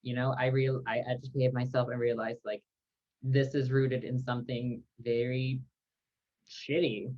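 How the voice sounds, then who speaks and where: A man's voice: medium pitch, level tone, unhurried. Reflective man on a muffled podcast. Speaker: podcast guest. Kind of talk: casual conversation.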